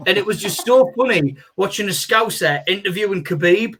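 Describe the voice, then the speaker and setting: A male comedian, a guest on a video call, chatting casually in a rambling, animated way full of "you know". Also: sits high, brisk, a little hiss or hum.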